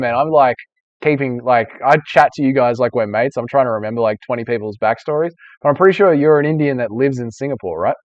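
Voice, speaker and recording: A man's voice: medium pitch, no echo, lo-fi sound. A young man hosting a casual live-stream Q&A, chatty and rambling, swearing freely. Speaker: streamer host.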